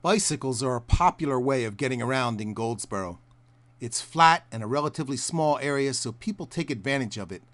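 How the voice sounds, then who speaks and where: A man narrating a documentary report in a measured storytelling way. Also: mid-range voice, expressive, fairly bright tone, slight background noise.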